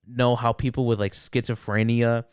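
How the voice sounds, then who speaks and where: A man's voice: mid-range voice, flat delivery, normal speed, smooth, dry recording, clean studio sound. Rambling young man on a podcast. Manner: rambling, swears a lot, many restarts. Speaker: podcast co-host. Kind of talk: casual chat.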